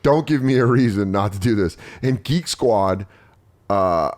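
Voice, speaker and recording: A man's voice: on the low side, expressive, measured pace, a little mellow. A man in his thirties hosting a casual podcast chat, telling jokey stories and mimicking voices. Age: 30s. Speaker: podcast host.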